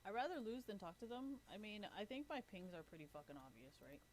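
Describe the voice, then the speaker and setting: A woman's voice: medium pitch, very animated, fast talker, darkish tone, soft background music, rough recording. Blunt, foul-mouthed woman streamer. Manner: blunt, heavily profane, complaining. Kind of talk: casual live-stream chat while gaming.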